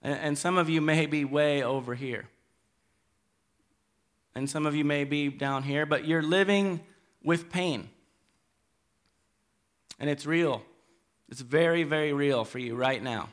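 Pastor guy preaching, earnest and a bit halting, slightly high voice, pleading with the room. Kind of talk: sermon. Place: church hall.

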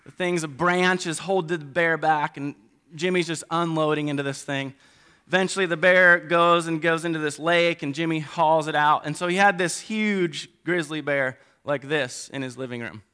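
A middle-aged man preaching a sermon, animated, swinging between loud emphasis and quiet asides. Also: on the high side, moderate pace, clean tone.

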